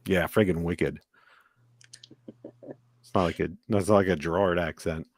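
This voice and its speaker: Gravelly low-voiced man chatting casually. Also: fairly even intonation, a little slow, no echo, studio quality. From United States. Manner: rambling, full of fillers and restarts. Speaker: podcast host. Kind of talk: casual chat.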